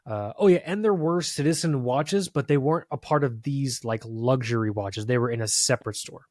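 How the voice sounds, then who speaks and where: A man of middle pitch rambles through a story on a podcast, swearing freely and stumbling over his words as he restarts. His voice is recorded close and dry, with no room echo around it. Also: brisk, darkish tone. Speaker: podcast co-host. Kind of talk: casual chat. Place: podcast studio.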